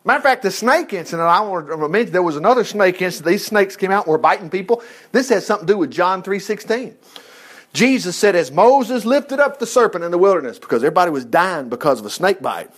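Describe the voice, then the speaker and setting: This is a man giving a casual sermon straight from the Bible. His voice sits high and swings up and down a lot. He reads a verse, then breaks in with excited comments between lines. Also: quick pace. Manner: excitable, reads scripture aloud with asides. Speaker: preacher. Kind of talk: informal Bible teaching.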